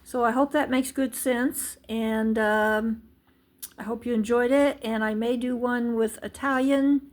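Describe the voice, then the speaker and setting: A woman giving a casual language lesson, patient and unhurried, with many ums and small restarts as she explains. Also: fairly high pitch, steady tone. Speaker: language teacher.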